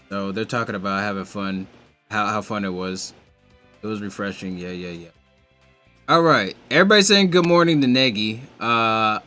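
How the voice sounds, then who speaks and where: A man's voice: mid-range voice, bright, forceful tone. A man casually reading a comic aloud, stumbling through names and cursing as he adds his own comments. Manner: reads on the fly, stumbles, swears. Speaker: reader of a manga aloud.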